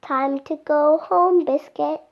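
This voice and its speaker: A woman reading a children's picture book aloud in a slow, clear, sing-song way for small children. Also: high voice, fairly even intonation, lo-fi sound. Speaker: storybook reader.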